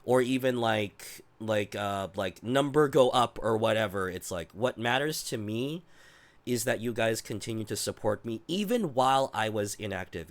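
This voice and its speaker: A man in his thirties with a voice worn down by a cold, chatting casually with his viewers as a streamer, rambling, restarting sentences and swearing now and then. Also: fairly low pitch. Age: 30s.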